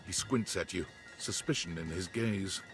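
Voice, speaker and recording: A man narrating scenes in a video game, measured and descriptive. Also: low-pitched, faint music behind. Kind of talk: scripted narration.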